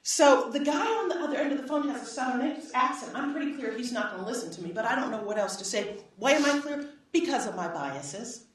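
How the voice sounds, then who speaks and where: A middle-aged woman giving a public lecture, telling a personal story with lively acted-out dialogue and frequent "right?" asides. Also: a little high, a little fast. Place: lecture hall. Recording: echoey hall, voice from far off.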